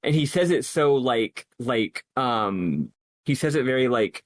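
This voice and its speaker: A man's voice: mid-range voice, expressive, unhurried, no echo. A man co-hosting a podcast, talking earnestly and at length about a game, thinking aloud with many restarts. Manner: earnest, analytical, rambling with restarts. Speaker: podcast co-host. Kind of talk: casual game discussion.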